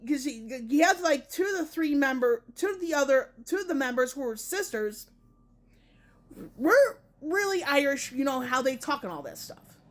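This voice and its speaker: A woman with a notably high voice talks through her views in a relaxed gaming vlog. She rambles, circles back and fixes her words as she goes, with plenty of asides. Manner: rambling, self-correcting, many hedging asides. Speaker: gaming vlogger. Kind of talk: casual opinion vlog.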